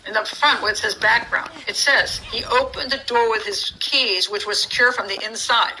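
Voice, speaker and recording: A woman talks through a criminal case, reading passages from documents and stopping often to restart her thoughts. She sounds sarcastic and incredulous, and her voice is very bright and a little high. Faint noise sits behind her. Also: moderate pace, rough recording. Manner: incredulous, sarcastic, thinking aloud with many restarts. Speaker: true crime commentator.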